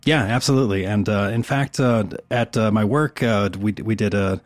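A man's voice: fairly low pitch, normal speed, dry recording. A man guesting on a gaming podcast, talking casually with many fillers and hesitations. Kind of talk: casual interview chat.

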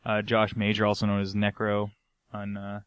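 Male co-host, lower voice, rambling and jokey, dry close mic. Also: completely flat delivery, moderate pace, clean tone, no room sound, lo-fi sound. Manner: joking, rambling, hesitant. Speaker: podcast co-host. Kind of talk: casual podcast chat.

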